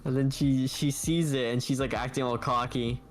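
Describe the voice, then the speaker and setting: A man's voice: medium pitch, steady tone, normal speed. A man co-hosting a podcast, chatting casually and animatedly about anime episodes, laughing often as he retells scenes. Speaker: podcast co-host.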